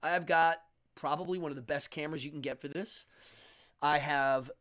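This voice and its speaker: A man's voice: on the high side, moderate pace. Chatty man hosting a live stream. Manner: chatty and animated, reading chat aloud. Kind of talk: casual live stream chat. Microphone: studio microphone.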